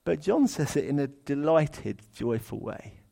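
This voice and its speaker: A man's voice: a little high, big pitch swings, a little slow, gravelly, mellow. A man preaching a sermon in a chatty, humorous way, animating the verses he reads aloud.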